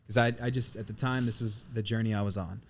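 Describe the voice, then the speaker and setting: A man with a somewhat low voice co-hosts a casual podcast. He talks openly, reads a passage aloud and gets emotional. He swears now and then. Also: fairly even intonation, quick pace, slight background noise. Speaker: podcast co-host.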